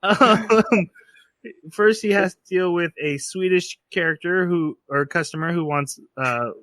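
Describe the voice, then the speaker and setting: A man's voice: high voice, a little slow, dry recording. A man hosting a podcast, casually recapping an episode and acting out the characters' lines in raised voices. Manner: animated recapping, acts out quotes in raised voices. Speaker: podcast host.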